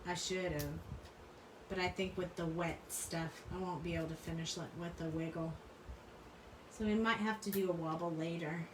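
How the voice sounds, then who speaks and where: A woman's voice: lowish voice, fairly even intonation, normal speed, noisy background. A middle-aged woman hosting a crafting video, chatting casually and rambling, laughing often as she talks. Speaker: crafting channel host. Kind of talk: casual chat while crafting. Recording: roomy room, mic at a distance.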